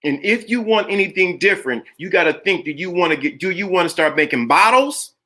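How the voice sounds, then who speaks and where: Here is a middle-aged man with a high, bright voice giving a motivational talk live to his viewers. He is preachy and emphatic, hammering each point with repeated phrases, and his voice sits well above the usual male range. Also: expressive, brisk. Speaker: live stream host.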